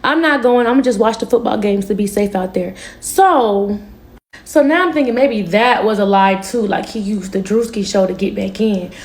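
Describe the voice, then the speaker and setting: A woman telling her viewers a personal story in a candid, slangy, animated way. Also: medium pitch, moderate pace, roomy sound. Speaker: storytime vlogger. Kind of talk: casual storytime monologue.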